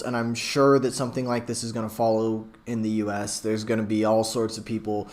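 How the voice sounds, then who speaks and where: A young man reacting to news clips from his home computer, talking in a rambling, excitable way full of likes and you knows. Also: medium pitch, moderate pace. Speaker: reaction video host. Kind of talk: casual reaction commentary. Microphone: webcam.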